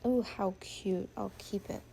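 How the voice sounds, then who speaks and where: Woman thinking out loud while sorting stuff, slow and kinda gravelly, casual chatty vlog. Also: mid-range voice, steady tone, slight background noise. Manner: musing, chatty, thinking aloud; drops to a soft whisper at times. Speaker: sewing vlogger.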